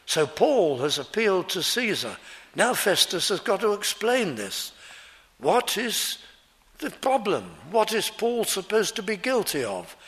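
A male preacher giving an expository sermon, explaining a scripture passage verse by verse in an earnest, measured way. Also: sits high, big pitch swings, a bit bright.

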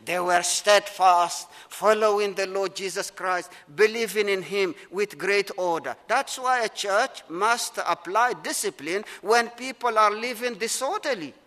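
A middle-aged male pastor preaching in a church, his high, bright voice carried by a long reverb. He is earnest and emphatic, slowing down and repeating phrases to drive points home. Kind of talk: sermon. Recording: long reverb of a large hall.

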